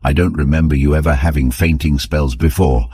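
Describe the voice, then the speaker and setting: A steady older doctor, plain and matter-of-fact, talking in a very deep, husky voice. A man voices him in a storybook reading with a dry sound. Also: brisk, dry recording, exaggerated voice. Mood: concerned.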